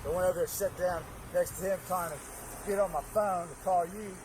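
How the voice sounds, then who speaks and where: A man's voice: sits high, steady tone, fairly quick, background noise. A man who witnessed the incident, telling it to police in an agitated, rambling way, recorded outdoors on a bodycam. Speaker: neighbor and witness.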